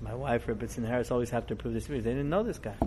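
A middle-aged man, a rabbi, giving a storytelling sermon in a conversational, digressive way that grows animated as the story builds. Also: mid-range voice, racing, slight background noise.

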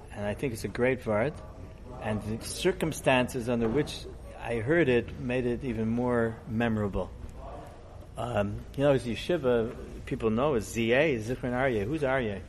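A middle-aged man, a rabbi, giving a storytelling sermon in a conversational, digressive way that grows animated as the story builds. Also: medium pitch, normal speed, slight background noise.

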